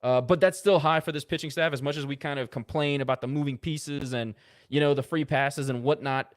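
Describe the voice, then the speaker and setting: A man co-hosting a casual sports podcast, rattling off box-score stats with quick asides. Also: fairly high pitch, steady tone. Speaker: podcast co-host.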